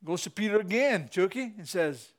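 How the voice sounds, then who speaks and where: High-voiced preacher laughing through his sermon. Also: animated, moderate pace. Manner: laughing often, swinging from low storytelling to loud shouting exhortation.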